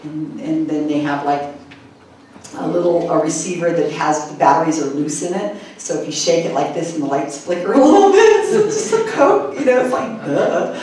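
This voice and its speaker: A woman speaker at a conference, telling an animated story and mimicking people in high squeaky voices, laughing often. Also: moderate pace. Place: conference hall. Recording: echoey hall, mic far off, faint room hum.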